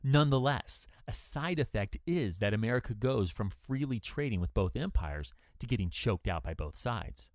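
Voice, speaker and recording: A man's voice: medium pitch, animated, moderate pace, few pauses, dry recording, clean studio sound. A man hosting a podcast, giving scripted history narration with wry asides and emphatic delivery. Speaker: podcast host.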